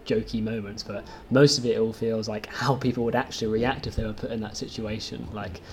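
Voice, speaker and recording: A young man answers interview questions in a mellow, dark voice. He sounds offhand and a little hesitant, and slips in dry jokes. Faint noise sits behind him. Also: fairly low pitch, flat delivery, a little fast. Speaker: lead actor. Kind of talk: casual interview.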